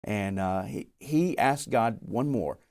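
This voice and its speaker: Slow and lively in intonation, a young man with a lowish, somewhat mellow voice recounts his call to missions. He's the missionary guest in an interview, and his testimony is earnest and story-driven, with acted quotes.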